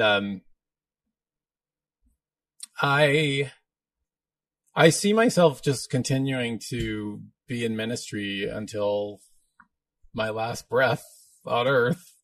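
A man's voice: mid-range voice, a bit bright, no echo. A man hosting a casual livestream, answering viewer questions in a rambling, easygoing way. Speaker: livestream host and minister.

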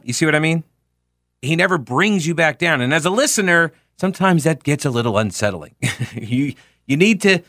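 A man's voice: fairly high pitch, moderate pace, dry recording. Sardonic male talk radio host. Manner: animated, sardonic, emphatic. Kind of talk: opinionated political talk radio. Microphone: studio microphone. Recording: dry studio sound.

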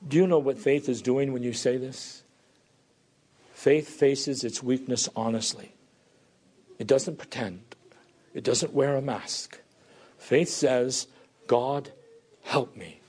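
Fervent slow-preaching male pastor. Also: mid-range voice, steady tone, a little mellow. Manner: fervent, exhorting, building to emphatic climaxes. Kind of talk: sermon.

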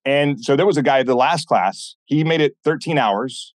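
A man guesting on a podcast, telling stories in a blunt, animated way and acting out what people said. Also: mid-range voice, moderate pace, dry recording. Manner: animated, blunt, swears often, acts out quoted dialogue. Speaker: podcast guest, former military instructor. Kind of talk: casual interview storytelling.

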